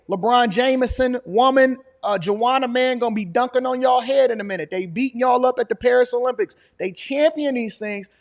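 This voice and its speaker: Man in his 40s, high-pitched streamer host, animated and preachy. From Detroit, Michigan. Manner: animated, preachy, hammering repetition. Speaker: political commentary host. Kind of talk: live-stream reaction commentary.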